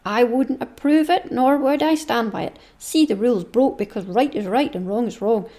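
A woman's voice: on the high side, moderate pace, mellow, close to an everyday voice. A woman reading Tom Sawyer, earnest boy.

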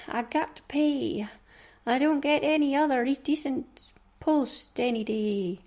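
A middle-aged Scottish-accented woman hosts a knitting podcast, chatting casually and rambling with little asides under her breath. Her voice sits high and darkish, and she takes it slowly.

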